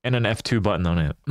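A man's voice: fairly low pitch, darkish tone, no room sound, studio quality. A young man live-streaming a game, chatting casually and animatedly with his viewers and laughing often.

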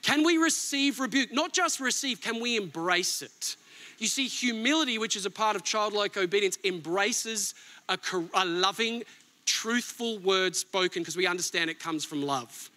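High, bright-voiced man preaching. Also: animated, moderate pace. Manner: emphatic preaching, rising to near-shouts and dropping soft. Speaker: pastor. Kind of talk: sermon.

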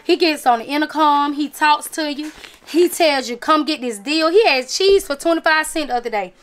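High-voiced chatty woman vlogging. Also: moderate pace. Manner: chatty, talks to viewers as y'all, emphatic. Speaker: vlogger showing a craft haul. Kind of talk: casual chat to camera.

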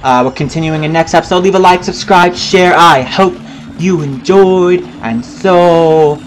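A man's voice: high-pitched, normal speed, soft background music, poor audio. A man giving casual, rambling commentary over gameplay, chatting freely and swearing at opponents. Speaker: gaming commentator.

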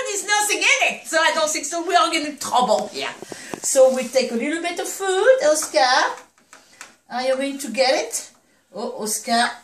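A woman's voice: high voice, fairly bright tone, a little hiss or hum. A woman chatting through a puppy feeding demonstration, cheering and coaxing the puppies as she goes. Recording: echoey room, mic at a distance.

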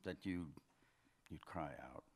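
A man's voice: deep voice, fairly even intonation. A man reading fiction aloud, voicing a brooding husband who hedges and stumbles before he answers. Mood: reluctant. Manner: hesitant, halting, defensive. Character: defensive husband, brooding and evasive. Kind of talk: literary reading, acted dialogue.

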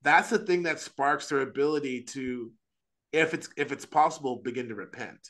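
A man speaking as an Orthodox priest on a podcast, earnest and animated, with frequent restarts and quick asides. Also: medium pitch. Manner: earnest, animated, acts out quoted voices. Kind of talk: casual religious discussion.

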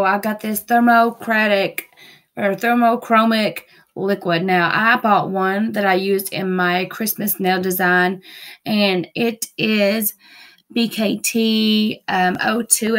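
A woman's voice: medium pitch, a bit bright. Chatty woman going through her nail haul at home, gushy, says super super a lot. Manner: gushing, repeats words, frequent fillers. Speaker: nail art vlogger. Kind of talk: casual haul video chat. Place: busy home with TVs and dogs.

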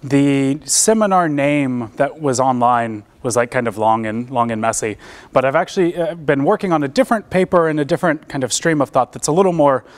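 A man's voice: medium pitch, brisk. A young American man giving an academic seminar talk in a lecture room, casual and self-deprecating, with many fillers and restarts. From United States. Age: young adult. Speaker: seminar presenter.

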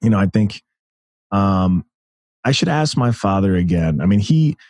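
American guy in his 30s, kinda low voice, excited storyteller, laughs a lot, dry sound. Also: unhurried, dry recording. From United States. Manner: animated storyteller, laughs often, many restarts. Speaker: guest. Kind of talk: casual interview conversation.

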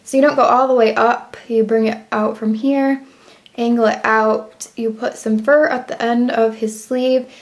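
A young woman with a slightly high voice hosts a drawing tutorial, guiding viewers through a drawing step by step. Her chatty, self-commenting voice-over is paced to her pen, delivered flatly and a little slowly.

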